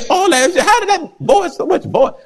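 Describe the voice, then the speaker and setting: A male preacher delivers a lively sermon, laughing often and moving from loud calls to quiet asides. His voice sits high and leaps all over the scale. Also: a little slow. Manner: animated, laughing, swings between loud and soft. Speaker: pastor.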